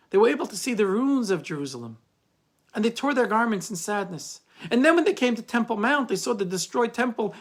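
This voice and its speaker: A male rabbi telling a story in a Torah lesson, animated, often saying "I mean". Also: high-pitched.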